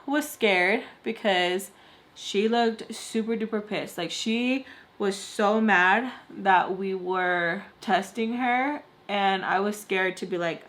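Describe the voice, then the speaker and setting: A woman's voice: mid-range voice, takes it slowly, a bit bright. A woman chatting casually as she tells a personal story, with lots of "like" fillers and acted-out quotes. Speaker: vlogger telling a story.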